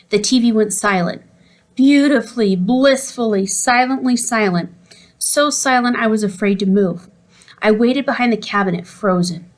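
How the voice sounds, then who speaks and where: A woman reading a children's storybook aloud in an expressive way, putting on voices for the characters. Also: mid-range voice. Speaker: audiobook reader. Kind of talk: storybook narration.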